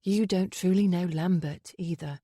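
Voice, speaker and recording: A woman's voice: on the low side, moderate pace, mellow, breathy edge, dry recording, clean studio sound. A man voicing a frightened but defiant young noblewoman in an audiobook, pleading in a raised voice. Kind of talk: audiobook character voice.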